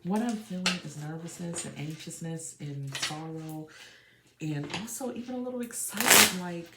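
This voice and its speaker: A woman's voice: lowish voice, normal speed, echoey room, very noisy. A woman giving an emotional, earnest tarot reading for her viewers. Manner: emotional, earnest, channeling feelings. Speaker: tarot reader.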